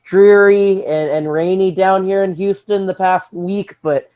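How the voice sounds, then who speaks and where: A radio producer from Texas answering casually as a guest, relaxed and easygoing. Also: medium pitch, a little slow, clean tone, lo-fi sound. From Texas, USA.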